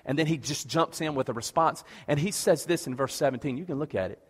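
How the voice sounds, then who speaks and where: A man's voice: a little high, fast, breathy edge, long reverb tail. A man preaching a passionate sermon as pastor, repeating questions and stammering through restarts.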